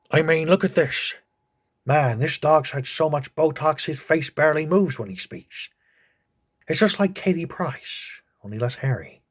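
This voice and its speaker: A man's voice: medium pitch, husky. Sarcastic man cracking crude review jokes. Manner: crude, mocking deadpan jokes. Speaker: comedy reviewer.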